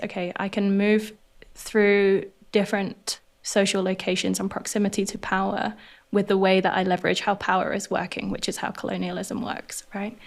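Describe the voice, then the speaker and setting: A woman with a posh southern English accent, a podcast guest talking in an earnest, animated way. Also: mid-range voice, creaky. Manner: earnest, animated, laughs often. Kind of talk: reflective interview conversation.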